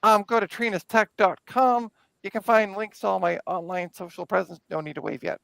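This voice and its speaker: A woman's voice: mid-range voice, steady tone, a little fast, creaky, fairly bright tone, no room sound, poor audio. A woman hosting a casual livestream, chatting with guests and laughing often. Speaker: host.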